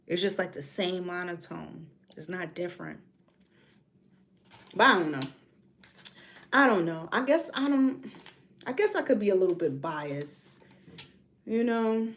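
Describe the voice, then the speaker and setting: A woman from New York with a New York accent, chatting casually on a livestream and reading comments, drifting between topics. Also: mid-range voice. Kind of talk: casual chat.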